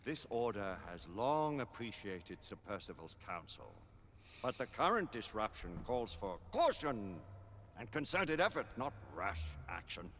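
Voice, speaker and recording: An actor playing a stern, aging Lord Chancellor who presides over a knightly council, speaking in a grave, measured, commanding way. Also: male voice, fairly low pitch, big pitch swings, a bit bright, a little hiss or hum. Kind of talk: video game cutscene acting. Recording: game audio with long reverb.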